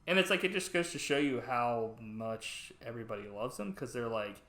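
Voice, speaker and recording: A man's voice: medium pitch, expressive, normal speed, pushed and bright. A man hosting a podcast, casually recapping a movie in a rambling way with lots of "like" and swearing. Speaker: podcast host. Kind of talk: casual film recap chat. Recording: roomy echo.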